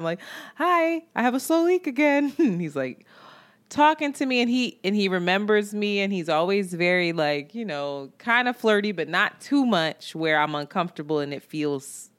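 Woman co-host, casual chatty storyteller, animated, quotes people in voices. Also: fairly low pitch. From New York. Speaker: podcast co-host.

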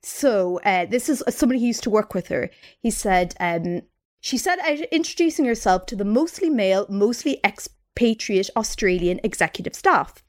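A woman's voice: mid-range voice, expressive, moderate pace. A woman co-hosting a chatty podcast, animatedly retelling a story and slipping into quoted voices. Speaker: podcast co-host. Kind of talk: casual storytelling chat.

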